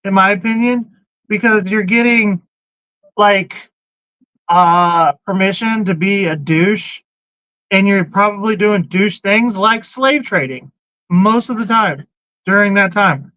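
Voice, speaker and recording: A man's voice: high voice, slow, bright, forceful tone, no room sound. A man hosting a casual podcast, talking bluntly, swearing freely and jumping between topics while reading out viewer comments. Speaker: podcast host. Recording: dull, lo-fi sound, dry.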